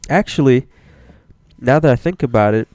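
Sick male co-host from Egypt, deadpan, mid-pitched, dry sound. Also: normal speed, no room sound. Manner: deadpan, swears casually. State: sick, coughing. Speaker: podcast co-host. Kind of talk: casual chat.

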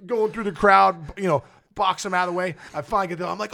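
Gravelly, excitable man telling a story. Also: fast. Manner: rambling, excitable, acts out quotes with big pitch jumps. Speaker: podcast guest, former baseball player. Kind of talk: animated storytelling in casual chat.

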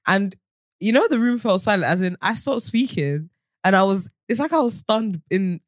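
Lively woman telling stories. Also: mid-range voice, moderate pace, no echo, clean studio sound. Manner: animated storyteller, acts out quotes with laughter. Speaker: podcast co-host. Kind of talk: casual chat.

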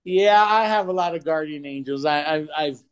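A man with a notably high voice talks as a podcast guest on a remote call. He swears freely and laughs easily as he tells his stories. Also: normal speed, clear, resonant tone. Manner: profane, laughing storyteller. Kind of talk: casual chat.

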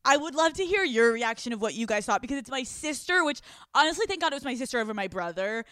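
A young woman with a high, bright voice tells a raunchy story on her podcast, swearing as she goes. Her voice is smooth and clear, recorded dry and close. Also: fast talker, no echo. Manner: crude, swearing, animated storyteller. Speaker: podcast host. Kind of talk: casual storytelling chat. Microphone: handheld microphone.

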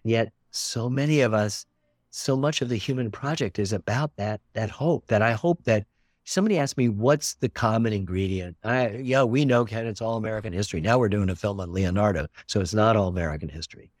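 Older male guest, earnest and expansive, lowish voice, dry close sound. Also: fairly quick, no echo. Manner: earnest, expansive, repeats words for emphasis. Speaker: documentary filmmaker. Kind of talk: reflective interview talk.

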